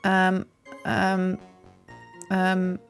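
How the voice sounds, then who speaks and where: A woman's voice: mid-range voice, completely flat delivery, drawn-out words, creaky, clean tone, faint music behind. A British woman live-streaming a courtroom game, chatty and self-mocking, laughing often. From Britain.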